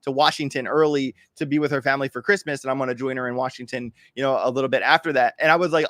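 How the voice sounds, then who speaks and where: A man's voice: mid-range voice, fairly even intonation, racing, hardly any pauses, fairly bright tone, dry recording. A man hosting a casual crypto trading livestream, walking viewers through charts in a chatty, hyped, joking way. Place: home, in Miami.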